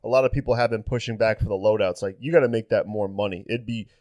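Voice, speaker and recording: Casting: young male podcast co-host, low-ish voice, dead-dry sound, rambling casual gaming talk. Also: fairly even intonation, quick pace, a little mellow, no room sound. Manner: rambling, many fillers and restarts.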